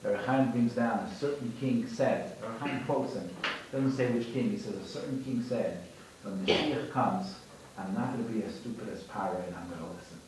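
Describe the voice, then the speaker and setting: A man's voice: fairly low pitch, brisk, background noise. Man teaching a class in an echoey room. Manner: conversational, repeats and restarts phrases, tells parables. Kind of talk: informal religious lesson with storytelling. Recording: very echoey room, mic far off.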